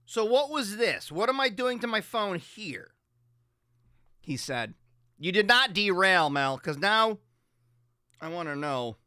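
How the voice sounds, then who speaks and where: A man's voice: high voice, very animated, slow, long pauses, pushed and bright, clean tone, dry recording, clean studio sound. A man hosting a radio show, talking in a loose, profane, rambling and jokey way. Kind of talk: casual chat on a morning radio show. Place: radio studio.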